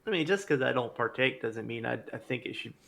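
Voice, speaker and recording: Gravelly, easygoing male podcast co-host. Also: medium pitch, expressive, a little fast, pushed and bright. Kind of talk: casual podcast chat.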